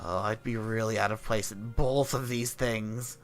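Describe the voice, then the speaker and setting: A man streaming himself reading a visual novel aloud, narrating with relaxed, self-aware asides. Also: fairly low pitch, unhurried, faint music behind.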